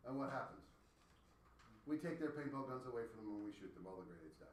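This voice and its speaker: A man from Canada teaching a high school science class, explaining with playful, joking analogies. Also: expressive, quick pace, slight background noise. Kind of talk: classroom lecture. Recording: echoey classroom from far off.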